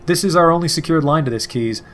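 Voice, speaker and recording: A man voicing an anonymous caller who speaks in a flat, pitch-adjusted monotone, reading game dialogue. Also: quick pace, natural voice. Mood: flat formal.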